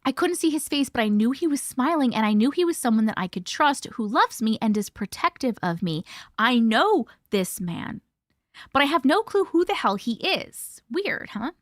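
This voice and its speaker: A woman with a slightly high, expressive voice hosts a live stream at a moderate pace, reading a listener's story aloud bluntly, swearing and reacting as she goes. The audio is studio quality with no echo.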